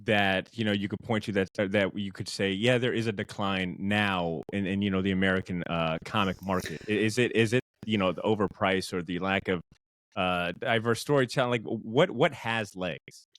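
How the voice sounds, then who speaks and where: A man hosting a podcast interview, asking searching, halting questions. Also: low voice, fairly even intonation, a bit bright, dry recording. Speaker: podcast host.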